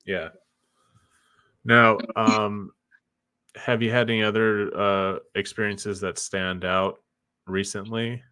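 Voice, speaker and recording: A podcast host interviewing a friend, asking short follow-up questions and giving relaxed reactions. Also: low voice, slow, long pauses, clear, resonant tone, no room sound. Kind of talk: casual interview.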